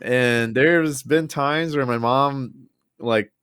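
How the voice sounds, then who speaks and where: A man's voice: slow, a bit bright, smooth, no room sound, studio quality. A young man co-hosting a podcast, telling loose, rambling stories in casual chat and swearing now and then. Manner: loose and rambling, swears, restarts, mimics his mom in a high voice. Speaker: podcast co-host.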